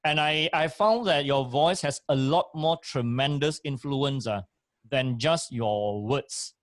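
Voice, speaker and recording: Male co-host, mid pitch, dry close sound, instructive. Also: takes it slowly, no room sound. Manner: emphatic, instructive, repeats key points. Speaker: co-host and motivational speaker. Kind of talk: casual chat, giving advice.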